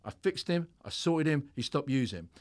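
A man's voice: on the high side, very animated, moderate pace. A middle-aged man who works as a hypnotherapist, telling stories in a podcast conversation in a blunt, straight-talking way with plenty of swearing.

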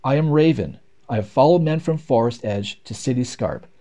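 A man's voice: mid-range voice, lively intonation, moderate pace, mellow, lightly acted. A man voicing a swaggering, cunning raven who boasts in a rapping cadence in a storybook poem. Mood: boastful.

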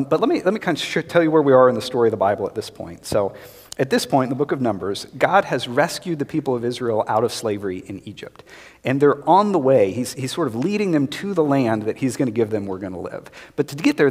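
Husky-voiced man preaching in a reverberant hall. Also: medium pitch. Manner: conversational, relaxed preaching with frequent asides and acted quotes. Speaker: pastor. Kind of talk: sermon. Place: church sanctuary.

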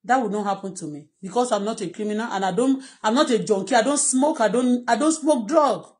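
Middle-aged Nigerian-accented woman, personal vlog, pleading and repetitive, slightly high voice. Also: a little fast, a little mellow. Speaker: vlogger.

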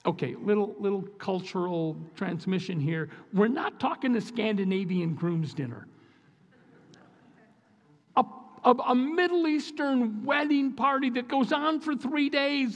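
Earnest preacher with a gravelly voice. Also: male voice, extremely high pitch. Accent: Upper Midwest American. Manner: earnest, emphatic, repeats phrases. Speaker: guest preacher. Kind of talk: sermon. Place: church sanctuary. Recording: long church hall reverb.

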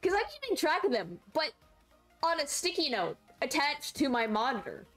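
During a game livestream, a woman streamer chats casually with her viewers, rambling and excitable and quick to shriek and laugh. Her voice is high, and soft music plays in the background.

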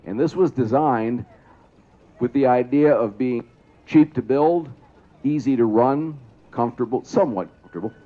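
A medium-pitched man with a warm tone addresses an outdoor crowd over a PA at a trolley museum event, announcing a trolley parade. He explains things and asks the audience questions, and the audio sounds dull.

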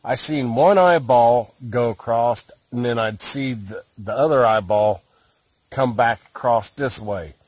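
A man's voice: mid-range voice, measured pace, a little mellow, dry recording. Plainspoken man explaining on a dry mic. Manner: plainspoken, rough-edged, gestures while explaining. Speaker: guest recounting an encounter. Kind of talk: casual explanation to camera.

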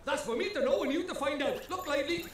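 A man's voice: very high voice, fast, a bit bright, heavy reverb, a little hiss or hum. An actor playing a cheeky, boastful male fairy lord, chatty and folksy in a video game. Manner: cheerful, folksy, calls people lad. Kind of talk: game voice acting.

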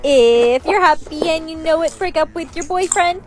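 A text-to-speech voice of a woman playing a creepy game announcer who gives deadly orders in a flat tone. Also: very high-pitched, normal speed, soft background music. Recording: loud background noise.

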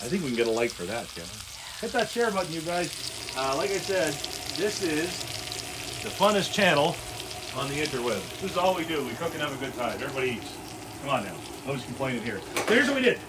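A man's voice: on the high side, big pitch swings, quick pace, noisy background. Upbeat man hosting a backyard grill stream. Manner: upbeat, jokey, chatty with viewers. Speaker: grill show host. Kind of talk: casual cooking livestream. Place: backyard grilling area, outdoors.

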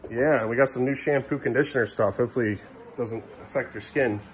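A worn-out father talks to his young children around the kitchen of his home, with a voice of ordinary pitch for a man. He sounds weary and exasperated, dipping into low mumbles and at times raising his voice at a defiant child. A faint hiss of noise sits under the recording. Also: brisk. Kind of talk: casual home vlog talking to his kids.

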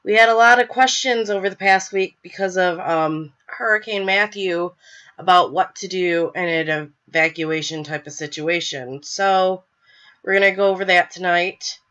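A woman's voice: on the low side, moderate pace, fairly bright tone, lo-fi sound. A young woman hosting a live show, talking casually with lots of fillers, stuffy from a cold. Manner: chatty, filler-heavy, apologetic. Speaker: podcast host. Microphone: webcam.

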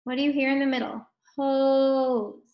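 A woman's voice: a little high, measured pace, dull audio. A woman teaching a recorded phonics lesson to first graders, sounding out words and praising the children.

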